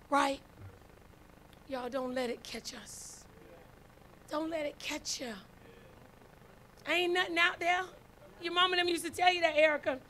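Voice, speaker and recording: A woman preaching a sermon to her congregation as the church's first lady. She swings from hushed pleading to shouted exhortation and calls out to the people. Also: very high-pitched, a little slow, long pauses, a little hiss or hum.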